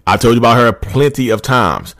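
A man's voice: mid-range voice, expressive, fairly quick, a bit bright. Man playing a defensive gaslighting boyfriend. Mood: indignant. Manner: indignant, wounded, rambling self-justification.

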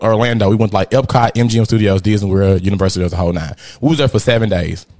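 A man, a podcast host telling a rowdy, profane story in casual chat, jumping between loud outbursts and muttered asides. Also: fairly low pitch. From Memphis, USA. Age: 30s.

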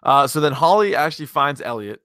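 A man's voice: fairly high pitch, lively intonation, a little fast, bright, forceful tone, no echo, clean studio sound. A man casually recapping a horror movie with a co-host, laid-back, swearing and laughing often. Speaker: podcast co-host.

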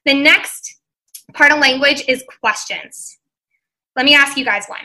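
A woman life coach giving a motivational seminar talk, acting out little exchanges and speeding up and slowing down for effect. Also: sits high, rough recording. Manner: animated, acts out quoted voices and speeds up and slows down for effect.

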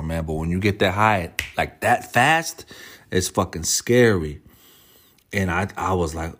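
A man with a low voice telling a personal story to his viewers. He talks in loose, casual slang, restarts his sentences often and swears freely. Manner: profane, slangy, rambling.

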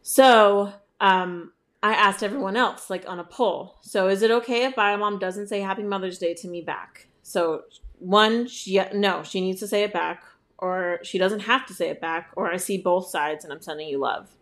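A woman co-hosting a casual chat in a relaxed way, reading listener messages aloud. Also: mid-range voice, normal speed. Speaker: podcast co-host, stepmom.

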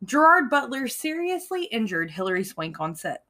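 An American woman co-hosting a podcast, chatting casually and reading out trivia with animated emphasis and frequent laughter. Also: fairly high pitch, normal speed. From United States. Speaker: podcast co-host.

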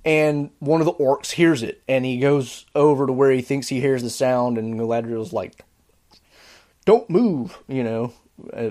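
A man hosting a podcast, giving casual spoken commentary on a series in an exasperated, sarcastic, animated way. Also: mid-range voice. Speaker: podcast host reviewing a series.

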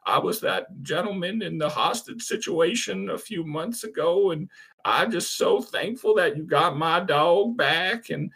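A man's voice: sits high, measured pace, creaky, pushed and bright, breathy edge, pitched above the performer's own voice, exaggerated voice, poor audio. A man putting on a grateful old fella.

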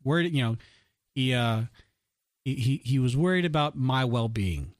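A man co-hosting a casual podcast, telling a story with many restarts and lively quoted voices. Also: mid-range voice, normal speed, dry recording, studio quality. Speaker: podcast co-host.

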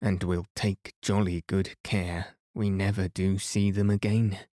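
A man's voice: sits low, little pitch movement, a little slow, warm tone, dry recording, clean studio sound. A man voicing a weary, practical young boy in a storybook reading. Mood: heartfelt. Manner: heartfelt undertones.

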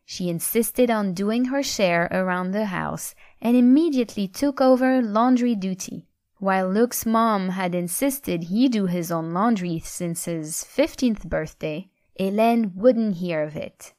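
A woman narrating a scripted story in a steady, even storytelling manner on a close mic. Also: medium pitch, a little slow, no echo. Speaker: audiobook narrator.

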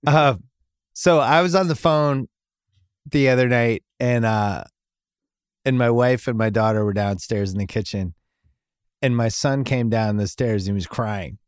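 This is a middle-aged man hosting a podcast, spinning a long, rambling family story and cracking himself up along the way. His voice sits at an ordinary middle pitch. It sounds dry and close, with no room around it. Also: unhurried, pauses often, clear, resonant tone, no room sound. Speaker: podcast host. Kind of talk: casual storytelling chat.

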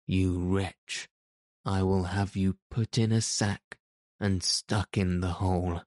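A blustering, quick-tempered old king, read by a man in a storybook audiobook. The voice sits low and unhurried, dark and mellow, and the sound is dry and close. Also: level tone, dry recording. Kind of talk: audiobook character reading.

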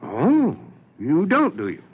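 A kindly gruff old fire chief. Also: male voice, on the high side, wildly swooping pitch, slow pace, heavily acted. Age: older. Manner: fatherly, teasing, chuckling. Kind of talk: 1940s radio acting. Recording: dull lo-fi old radio broadcast.

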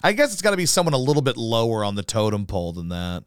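Sarcastic, profane man with a smooth voice. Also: medium pitch, big pitch swings, fast, no room sound, studio quality. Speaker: podcast host. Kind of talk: solo podcast rant.

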